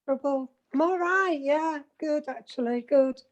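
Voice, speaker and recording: High voiced lady on a zoom call, giggly, telling a little story, chatty. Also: measured pace, muffled recording. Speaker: participant in an online meeting. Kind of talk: casual video call chat. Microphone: video call.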